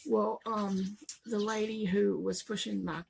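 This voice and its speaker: A woman's voice: medium pitch, fairly even intonation, unhurried, gravelly, darkish tone, a little hiss or hum. A woman, telling a story in a chatty vlog and laughing often along the way. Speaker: vlogger.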